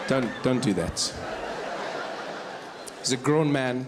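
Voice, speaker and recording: A man with a South African accent, performing animated stand-up storytelling and switching between voices. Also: medium pitch, slow pace, background noise. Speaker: stand-up comedian. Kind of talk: stand-up comedy. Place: live comedy venue.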